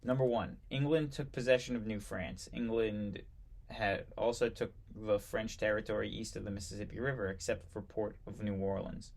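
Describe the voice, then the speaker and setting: A man's voice: on the low side, creaky. Man reading an old history book aloud. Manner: halting reading with restarts and asides. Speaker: history reader.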